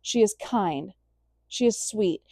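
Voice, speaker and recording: A woman's voice: mid-range voice, slow pace, warm tone, no echo, clean studio sound. A young woman vlogger delivering a blunt, emphatic casual rant, full of swearing.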